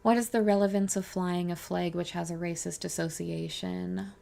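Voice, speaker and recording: A woman's voice: lowish voice, level tone, moderate pace, creaky, warm tone. A woman streaming a live reaction to a debate, blunt and heated, swearing often. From Canada. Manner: blunt, swears heavily, angry and impassioned.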